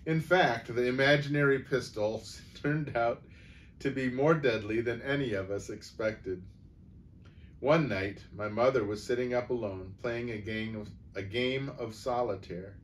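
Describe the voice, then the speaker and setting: A man reading a humorous story aloud in an unhurried, wry way, with the odd small stumble. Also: fairly low pitch. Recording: voice from far off the mic, faint noise.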